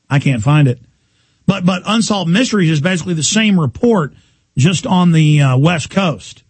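A man hosting a talk radio show, ranting loudly and combatively with sarcasm. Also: fairly high pitch, animated, moderate pace, husky, dry recording.

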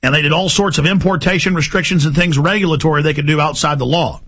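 A man hosting a talk show, delivering an impassioned, ranting monologue with forceful, repeated emphasis. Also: on the high side, steady tone, fast, husky.

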